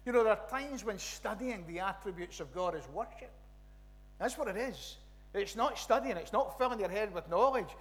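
A Scottish pastor from the West Coast delivers a chatty, animated sermon, circling back with restarts and asides. His voice is bright and pitched high for a man. The hall around him rings with a long echo. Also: moderate pace. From Scotland. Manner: animated, rambling with restarts and "you know, right?" asides. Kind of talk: conversational sermon. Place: church.

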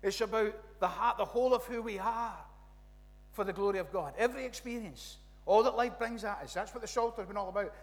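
High-voiced Scottish preacher in a reverberant church. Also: male voice, brisk. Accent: West Coast Scottish. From Scotland. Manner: animated, rambling with restarts and "you know, right?" asides. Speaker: pastor. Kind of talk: conversational sermon.

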